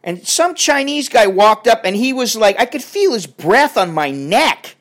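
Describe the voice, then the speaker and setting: Crotchety ranting man with a high voice. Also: very animated, a little slow, a bit bright. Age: older. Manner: crotchety, profane, rambling. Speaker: vlogger. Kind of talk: casual rant to camera.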